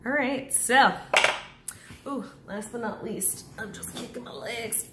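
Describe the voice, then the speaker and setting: A woman's voice: a little high, slow pace. Woman, casual makeup tutorial, chatty and playful, echoey room, noisy background. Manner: chatty and playful, talking through each step. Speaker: beauty vlogger.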